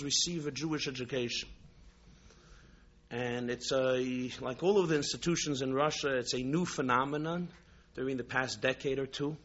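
A man from New York, a rabbi, telling a story in a sermon, animated and repetitive with frequent restarts. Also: mid-range voice, husky, dull audio.

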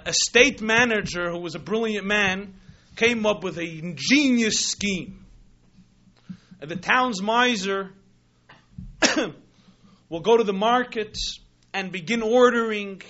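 A man preaching, telling a story in a sermon with animated, dramatic delivery. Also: high voice. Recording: dull lo-fi recording.

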